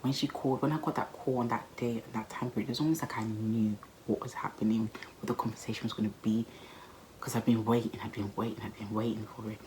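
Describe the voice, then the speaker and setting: A woman in her twenties telling a personal story in a chatty, expressive vlog style, full of slang. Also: extremely low pitch, quick pace, slight background noise, low-quality recording. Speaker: vlogger.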